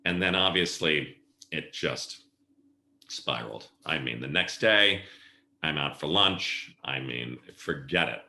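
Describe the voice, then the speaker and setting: A man's voice: extremely low pitch, animated, slow pace, creaky, sharp tone. A middle-aged man and podcast guest, telling stories casually and acting out the voices of people he quotes. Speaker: podcast guest, event planner. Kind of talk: casual storytelling interview. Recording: roomy echo.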